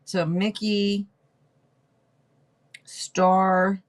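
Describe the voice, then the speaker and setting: A woman's voice: medium pitch, flat delivery, very slow. A woman hosting a casual livestream, chatting loosely and swearing now and then as she reads names off a list. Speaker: podcast host reading tarot for a live chat.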